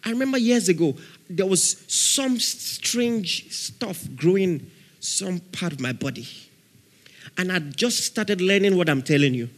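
A man preaching a sermon as pastor, animated, laughing often and shouting out dramatic prayer examples. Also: high voice, measured pace. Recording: long reverb of a large hall.

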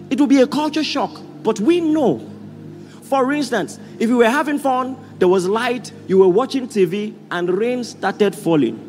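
A man with a Nigerian accent preaching a sermon as pastor, leading the congregation in loud call-and-response. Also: very high voice. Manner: rousing call-and-response, often shouting to the congregation. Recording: hall reverb with faint music.

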